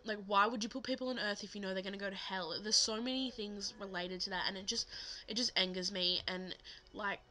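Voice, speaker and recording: Teen girl vlogging, bright voice, rambly and sweary, lots of ums. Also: mid-range voice, fairly even intonation, a little fast, rough recording. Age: teens. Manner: rambling, swears a lot, many fillers. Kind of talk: casual storytelling monologue to camera.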